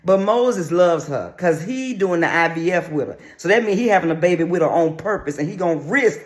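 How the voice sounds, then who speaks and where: A man's voice: sits high, expressive, a little fast. A man giving sassy, brash, crude gossip commentary on a reality show in a casual vlog.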